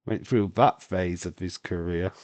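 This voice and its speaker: A man's voice: sits low, steady tone, a little slow, a little mellow, no room sound. A man with a Yorkshire accent hosting a casual wrestling watch-along stream, rambling on and answering chat questions with lots of fillers.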